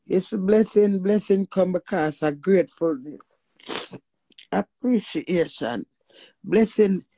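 Gravelly Jamaican woman giving emphatic testimony. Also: on the low side, lively intonation, slow, mellow, no echo. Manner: preachy and emphatic, often asking "you hear that?"; mixes patois with swearing. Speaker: vlogger sharing personal testimony. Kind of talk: emotional spoken testimony.

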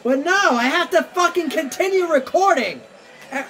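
Bright-voiced woman ranting at a game. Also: high voice, expressive, normal speed, faint music behind. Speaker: gamer recording gameplay. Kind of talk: gameplay commentary.

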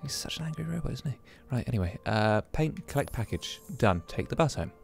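A man talking his way through a video game with chatty, musing commentary. His pitch rises and falls a great deal, and he keeps breaking into exclamations. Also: sing-song, a little fast, gravelly, soft background music. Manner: chatty, exclaims and muses aloud while playing. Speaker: gaming YouTuber. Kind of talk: casual gameplay commentary.

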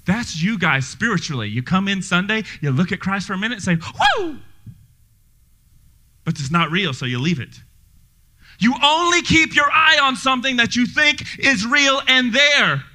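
A male pastor preaching a sermon to his congregation in a church, energetic and joking, speaking directly to the people in the room. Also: sits high, normal speed. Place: church sanctuary before a congregation.

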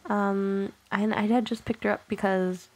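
A young woman hosting her gaming channel, chatting casually and excitably with many filler words. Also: medium pitch, unhurried, a little hiss or hum. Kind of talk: casual gameplay commentary.

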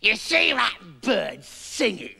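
A man's voice: high-pitched, huge pitch swings, slow pace, gravelly, sharp tone, husky, exaggerated voice. Cackling nasty old witch, put on by a man. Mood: sneering. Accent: English. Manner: shrieking, gloating and insulting. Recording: roomy reverb, faint music.

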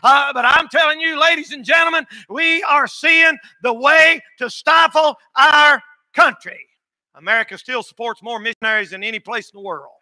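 A man preaching a sermon as pastor of a church, emphatic and often shouting. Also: very high-pitched, fairly even intonation, moderate pace, dry recording.

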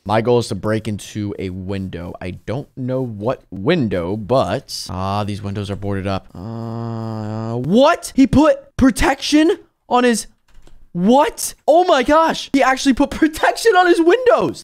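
A young man giving excitable let's-play commentary on a sneaking game, switching between hushed muttering and high panicked yelps. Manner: talks to viewers while sneaking. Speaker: gaming YouTuber.

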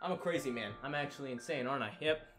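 A teenage boy ranting excitedly in a home vlog, rambling and giddy, swinging from loud yelps to mumbles, sometimes far from his desk mic. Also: mid-range voice, racing, faint music behind. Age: teens. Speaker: gaming YouTuber. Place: home room.

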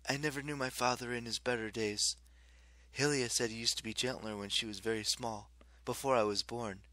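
A man reading an audiobook, voicing a serious young woman warrior demigod in a raised pitch. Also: fairly even intonation, a little fast, sharp tone, no room sound, lightly acted. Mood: somber. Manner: raised pitch for a female role.

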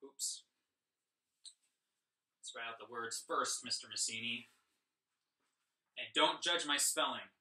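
A man's voice: mid-range voice, slow pace, pauses often, bright, forceful tone. A young man teaching an online music lesson to children, upbeat and chanting rhythm syllables as he counts out notes. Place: home room. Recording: echoey room, voice a bit far from mic.

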